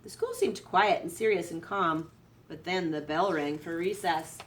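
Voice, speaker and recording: A woman teacher reading a picture book aloud to her students, expressive and lively. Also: fairly low pitch, measured pace, slight background noise. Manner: expressive read-aloud, voice rising for excitement. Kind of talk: storybook read-aloud to students. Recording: distant from the microphone.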